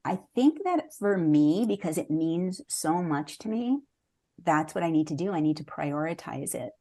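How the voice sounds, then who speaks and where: Mellow-voiced earnest woman author. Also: sits low, lively intonation, moderate pace. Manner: earnest and reflective, with occasional restarts. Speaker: memoir author, interview guest. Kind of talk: conversational interview answers.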